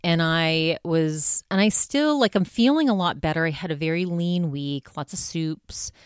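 A woman's voice: deep voice, unhurried, clear, resonant tone, no room sound, clean studio sound. A woman hosting her own podcast, talking casually and candidly about her week, with lots of "like" and "you know". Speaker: podcast host. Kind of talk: casual solo podcast monologue.

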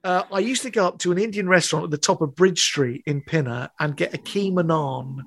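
Animated man telling a story. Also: a little high, brisk, slightly rough, dry recording. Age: 50s. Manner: animated, laughing storyteller with British slang. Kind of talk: casual anecdote telling.

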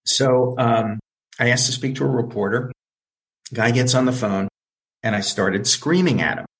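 An older man recounts his career as an interview guest, lively and theatrical as he plays out the voices in his anecdotes. His voice sits at an ordinary middle pitch. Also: normal speed, low-quality recording. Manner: animated storyteller who acts out quoted voices. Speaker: interview guest, film producer. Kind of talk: storytelling in an interview.

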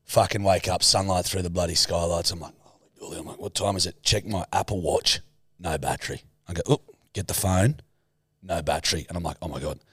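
A man's voice: low-pitched, fairly even intonation, fairly quick, fairly bright tone, husky, no echo, studio quality. A young man co-hosting a podcast, swearing freely and acting out his own stories in casual banter. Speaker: podcast co-host.

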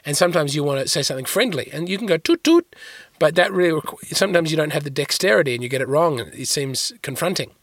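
A man hosting a podcast, answering listener questions in a dry, rambling, deadpan comic monologue. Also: on the high side, racing, hardly any pauses, dry recording. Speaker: podcast host.

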